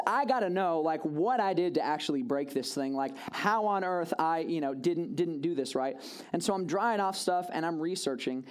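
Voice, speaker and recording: A man preaches a storytelling sermon to a congregation in a casual, chatty style, peppering it with "like" and "right?" asides to listeners. His voice sits high and is a little mellow.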